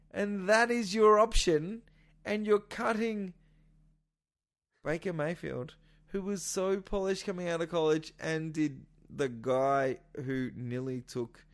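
An excitable man co-hosting a casual sports podcast. He swears freely and often bursts into louder, shouted lines. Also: sits high, a little slow. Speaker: podcast co-host.

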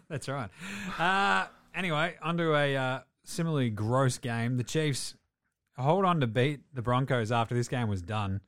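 A man's voice: medium pitch, a little slow, a bit bright, no echo, studio quality. A man hosting a casual sports podcast, laid-back, laughing and swearing as he recaps games. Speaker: podcast host.

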